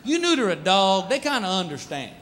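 Animated high-voiced male stand-up comic. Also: fairly quick. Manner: animated, punchy storytelling. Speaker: comedian. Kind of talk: stand-up comedy.

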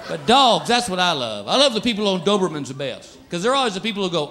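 A man doing stand-up comedy with punchy, animated storytelling. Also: high-pitched, fast, few pauses, noisy background.

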